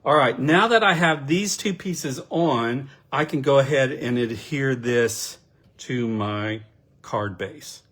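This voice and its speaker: Unhurried male crafting teacher, relaxed and talkative, steps through each stage. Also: mid-range voice, slightly rough. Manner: unhurried, chatty, self-deprecating asides. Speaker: card-making instructor. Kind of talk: casual crafting demonstration.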